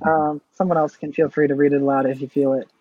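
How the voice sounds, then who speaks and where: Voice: medium pitch, level tone, fast talker, darkish tone, no echo. A podcast co-host in casual chat, blunt and playful, swearing in friendly banter. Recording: slightly dull, dry lo-fi sound.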